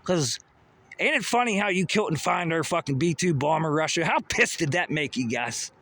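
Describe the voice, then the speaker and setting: A man's voice: on the high side, lively intonation, normal speed, a bit bright. A man rambling and cursing in a walk-and-talk monologue outdoors, recorded on a handheld phone by a road. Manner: rambling, profane, addresses Russia directly. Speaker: vlogger. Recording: outdoor noise with passing vehicles.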